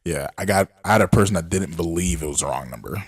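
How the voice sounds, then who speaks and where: Low-voiced husky young man. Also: expressive, quick pace, no room sound, studio quality. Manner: laid-back, storytelling with acted quotes. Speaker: podcast co-host. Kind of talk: casual chat.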